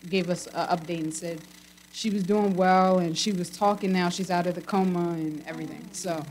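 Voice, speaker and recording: A young woman telling a church congregation a personal story in a chatty, animated way, with many fillers. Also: on the low side, normal speed, a little hiss or hum, low-quality recording. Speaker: congregation member giving a testimony. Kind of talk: casual testimony.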